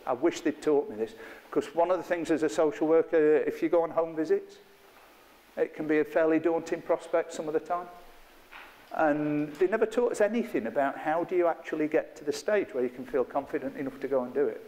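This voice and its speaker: A man's voice: a little high, brisk, darkish tone, big-room sound. A middle-aged man, leading an interactive workshop with a live group in a chatty, playful, self-mocking way. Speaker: workshop trainer. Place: training room with a live group.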